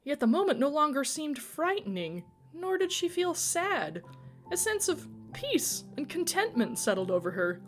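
A woman telling a story with an expressive, dramatic reading. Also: high voice, moderate pace, faint music behind. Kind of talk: storytelling narration.

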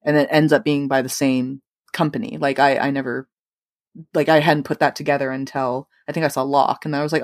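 A woman's voice: very deep voice, flat delivery, a little fast, dry recording, studio quality. A woman hosting a podcast, chatting casually about a film with many "like" fillers. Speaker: podcast host. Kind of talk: casual chat.

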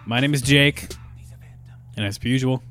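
A man's voice: medium pitch, moderate pace, fairly bright tone, faint music behind. A young man in his twenties hosting a podcast in a loose, rambling chat full of fillers and restarts. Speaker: podcast host. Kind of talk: casual chat.

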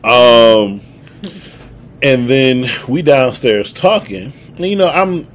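Slow-paced and mid-range, the voice of a young male podcast co-host in his twenties comes with a little hiss or hum. He narrates a story in profane, animated casual talk, acting out people's lines.

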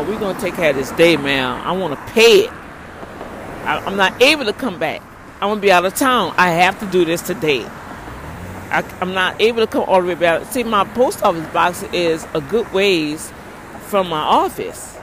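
Woman vlogger recounting a run-in from her car, emphatic and prayerful, light background hum. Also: medium pitch. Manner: animated, exclaims prayers, repeats herself. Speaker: ministry leader. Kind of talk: storytelling vlog rant.

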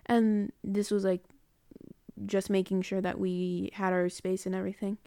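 A woman's voice: medium pitch, level tone, moderate pace, mellow, no echo, clean studio sound. A woman telling a story in a casual audio diary, rambling and correcting herself as she goes. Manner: rambling, chatty, corrects herself mid-sentence. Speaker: student recording a personal audio diary.

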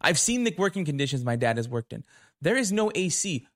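A man's voice: fairly high pitch, big pitch swings, brisk. A young man hosting a podcast, telling stories in a casual, profane, indignant rant into a camera mic. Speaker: podcast host. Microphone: camera recording.

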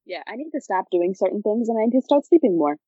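A woman's voice: medium pitch, big pitch swings, quick pace, dark tone, breathy edge, no room sound. A young woman co-hosting a podcast in casual chat, laid-back and joking, swearing casually. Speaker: podcast co-host. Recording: dull lo-fi dry sound.

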